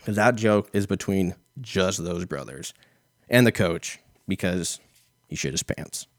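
Deep-voiced man, dry close sound, rambling profane storyteller with lots of "like" and "you know". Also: animated, measured pace, dry recording. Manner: rambling, profane, filler-heavy. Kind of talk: casual storytelling.

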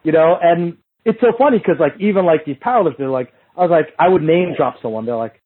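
A very husky, raspy male voice sitting a little high, coming through a thin, phone-like line. He tells a casual, swearing-heavy story as a hands-on coach. He jumps into the voices of the people in the story. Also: brisk. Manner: animated and profane, acts out what others said. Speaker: strength and movement coach.

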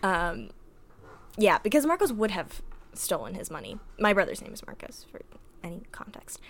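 A woman's voice: mid-range voice, sing-song, moderate pace, gravelly, a bit bright, slight background noise. Giggly young woman telling stories. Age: young adult. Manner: giggly, rambling with fillers. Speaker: podcast host. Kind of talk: casual storytelling.

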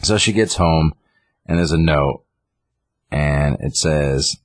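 A man's voice: rumbling low, slow, dry recording. A man casually recapping a comic story, rambling with lots of fillers. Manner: rambling retelling with many fillers. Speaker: comic book reviewer. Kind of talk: casual chat.

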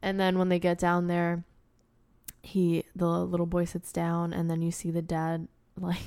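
A young woman in casual chat about a film, chiming in with quick asides and laughs. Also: on the low side, completely flat delivery, a little mellow.

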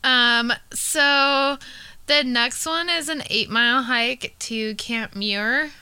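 A woman's voice: high voice, slow, bright, forceful tone, clean tone, no room sound. A woman hosting a casual podcast chat, talking through a list with lots of ums and restarts. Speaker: podcast host presenting hike list.

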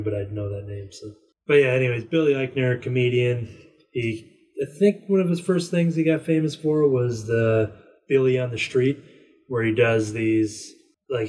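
A man's voice: fairly low pitch, a little mellow, recorded from a distance, poor audio. A man chatting casually as a podcast co-host, rambling through a story and acting out quotes in a raised voice. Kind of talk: casual chat.

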